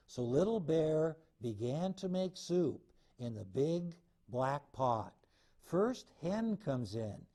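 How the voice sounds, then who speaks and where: An older man reading a children's picture book aloud at a very slow, gentle pace. His voice is mellow and sits a little high, and he narrates calmly between the characters' lines. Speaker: storyteller.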